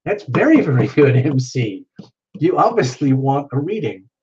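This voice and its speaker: A man's voice: mid-range voice, very animated, measured pace, dark tone, husky, muffled recording. A man hosting a casual livestream, chatting playfully with viewers and reacting to their comments. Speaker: livestream host.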